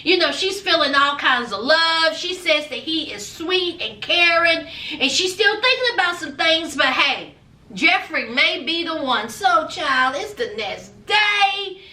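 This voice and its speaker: A woman giving a sassy, animated TV recap, peppering her talk with "child" and "honey". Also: very high-pitched, unhurried. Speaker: reality TV recapper. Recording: echoey room, distant mic.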